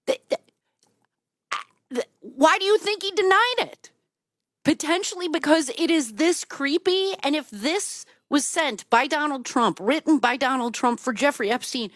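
A woman hosts a call-in talk show with a fairly high voice. She comments in an indignant, emphatic way. Her voice sounds dry and close. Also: dry recording.

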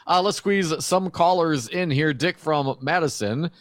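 A man's voice: a little high, a little slow, no echo, studio quality. A man co-hosting a talk radio show, teasing his partner and taking calls. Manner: laughing, teasing. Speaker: radio co-host.

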